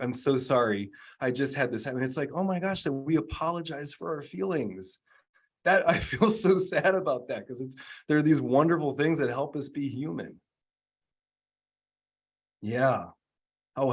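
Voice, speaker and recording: Chatty man giving a webinar talk. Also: mid-range voice. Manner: chatty and self-deprecating, with many fillers. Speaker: executive coach giving a webinar. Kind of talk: casual presentation.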